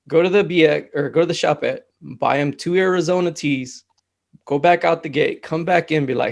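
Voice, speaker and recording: A man, a mental health technician guest, talking in a relaxed, conversational way with plenty of fillers. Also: on the high side, fairly quick, vocal fry. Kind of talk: casual conversation.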